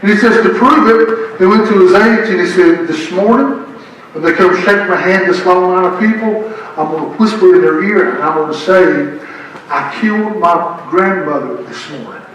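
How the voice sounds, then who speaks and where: A man's voice: sits high, moderate pace, a bit bright, distant mic, slight background noise. A man preaching a sermon and telling stories, joking with the congregation. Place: church sanctuary. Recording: echoey church heard from afar.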